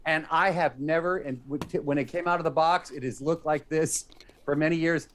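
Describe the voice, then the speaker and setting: A man's voice: a little high, fairly even intonation, moderate pace, a bit bright, a little hiss or hum. A man talking casually on a TV after-show, thankful and emotional, rambling with many restarts. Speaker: entertainment reporter. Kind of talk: casual on-air chat. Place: TV studio.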